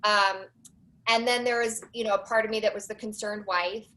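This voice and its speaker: A documentary producer in her forties chats as a podcast guest in a casual interview, telling stories with animation and tossing in quick asides. Her voice is mid-range, and the recording quality is rough.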